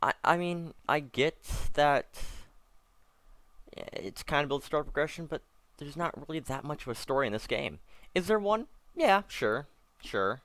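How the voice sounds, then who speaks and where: Rambling man with a lively pitch. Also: moderate pace, no room sound. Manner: rambling, self-correcting, wry asides. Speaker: gameplay commentator. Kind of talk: casual let's-play commentary.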